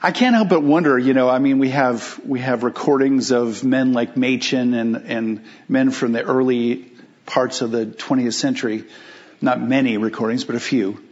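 A man preaching a sermon as pastor, emphatic, asking rhetorical questions and slowing down on key phrases. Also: medium pitch, steady tone, a little mellow, highs cut off.

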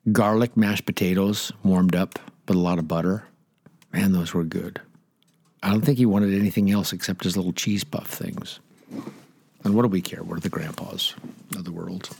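Older male radio pastor, casual and digressive, husky tone, dry studio sound. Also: low-pitched, fairly even intonation, moderate pace, a little mellow, dry recording. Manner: chatty, rambling, jokey asides. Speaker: pastor and radio Bible teacher. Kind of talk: casual Bible teaching on air.

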